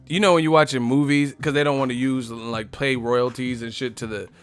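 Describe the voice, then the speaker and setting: A man's voice: medium pitch, steady tone, brisk, faint music behind. A man hosting a casual live stream, reading chat messages and mocking viewers, profane and laughing often. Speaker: boxing live stream host.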